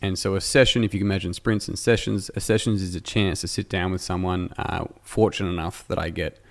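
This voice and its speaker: A man's voice: deep voice, fairly even intonation, quick pace, creaky. A man from Australia hosting a podcast interview in person, talking in a rambling, jokey, self-deprecating way. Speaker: podcast host. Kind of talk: casual interview chat. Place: indoor room, in person.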